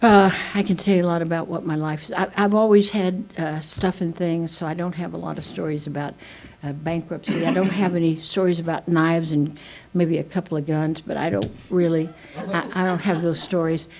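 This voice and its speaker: Older woman, speaker at a recovery meeting: lowish voice, rambling, self-deprecating storyteller. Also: steady tone, a little fast, hardly any pauses, darkish tone, poor audio. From United States. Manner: chatty, self-mocking storyteller with many restarts. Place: meeting room.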